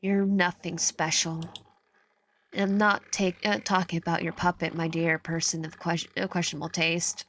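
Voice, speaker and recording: A woman voicing a smug, possessive male god from a visual novel, speaking slowly and low with a mocking edge and some stumbles. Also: flat delivery, fairly bright tone. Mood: sneering.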